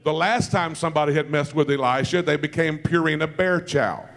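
Lively male preacher, somewhat high voice. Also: a little fast, creaky, long reverb tail. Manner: lively storytelling with asides and laughter; calls out to the congregation. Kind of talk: sermon.

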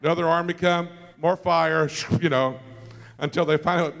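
A man preaching a sermon, telling stories with quick asides and laughter and calling out to the congregation. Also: fairly high pitch, vocal fry, long reverb tail. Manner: lively storytelling with asides and laughter; calls out to the congregation.

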